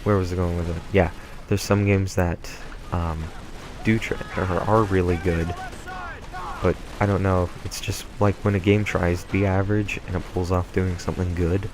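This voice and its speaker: Guy talking over his gameplay, rambly, lots of ums, really low voice, noisy mic. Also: little pitch movement, normal speed. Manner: rambling, full of ums and tangents. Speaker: let's play gamer. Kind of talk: casual gameplay commentary. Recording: home mic with clear background noise.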